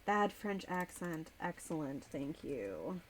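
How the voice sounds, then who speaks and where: A woman's voice: low-pitched, big pitch swings, slow, a little hiss or hum. A woman streamer in casual live-stream chat, chatty and a little distracted as she reads chat aloud and types. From United States.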